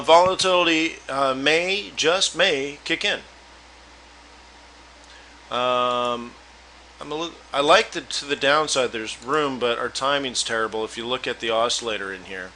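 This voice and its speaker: A man's voice: medium pitch, measured pace, bright, forceful tone, slight background noise, poor audio. A man hosting a live trading webinar, chatting loosely and talking straight to his viewers. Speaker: forex trading room host.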